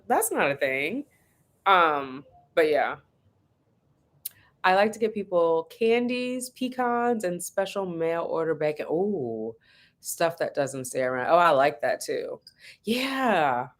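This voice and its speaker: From home, a chatty woman with a lowish voice hosts a casual live-stream chat as a vlogger. She tells stories in an animated way, laughing as she goes.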